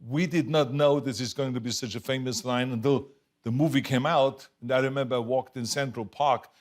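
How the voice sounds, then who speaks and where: A man's voice: medium pitch, fairly quick. An older man in his seventies with an Austrian German accent, telling stories as a talk show guest and acting out the quotes. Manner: animated storyteller, acts out quotes, laughs often. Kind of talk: casual chat. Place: TV studio with audience.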